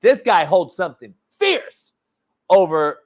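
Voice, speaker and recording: A man's voice: high voice, sing-song, takes it slowly. A man hosting a sports talk show, joking and cursing in casual banter, restarting his sentences often. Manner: profane, rambling, joking with stammered restarts. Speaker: show host.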